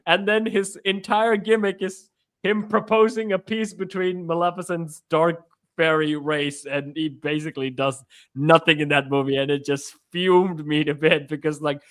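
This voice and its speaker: Rambling, animated male podcast co-host. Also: a little high, moderate pace. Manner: animated, rambling, laughs often. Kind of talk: casual chat.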